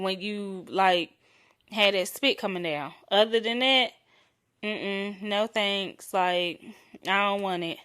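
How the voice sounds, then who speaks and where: A young adult woman hosting her own podcast, talking frankly and playfully in a solo chat, drawing out and softening her voice on intimate words. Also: medium pitch. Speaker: podcast host.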